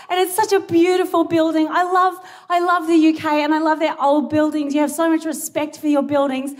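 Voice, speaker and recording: A woman's voice: high-pitched, little pitch movement, a little fast, few pauses, some chatter behind. A young Australian woman doing a rambling, self-deprecating stand-up set on a big theatre stage, giggling between jokes. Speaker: stand-up comedian. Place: large theatre stage before a live audience. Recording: live theatre recording with audience noise.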